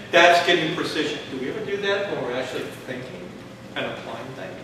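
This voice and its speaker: Texan male teacher lecturing a class, bright tone, recorded far off in a reverberant room. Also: on the high side, a little fast, slight background noise. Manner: lively, asks the class questions, acts out little dialogues. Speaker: college instructor. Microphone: far room mic.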